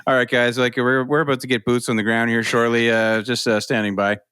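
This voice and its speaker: A man co-hosting a podcast in casual chat, laid-back and joking about being a boomer. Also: flat delivery, fairly quick, a bit bright, clear, resonant tone, dry recording, studio quality. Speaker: podcast co-host.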